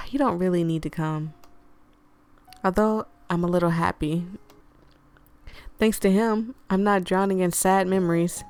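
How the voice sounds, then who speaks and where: Brief: woman as a young game heroine, earnest and quietly searching. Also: on the low side, steady tone, a little slow, long pauses, clear, resonant tone.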